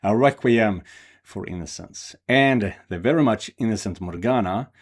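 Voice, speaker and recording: A man's voice: on the low side, normal speed. A man hosting a casual let's play, commenting freely and swearing now and then. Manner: casual, swears, reacts with laughs. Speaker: game channel host.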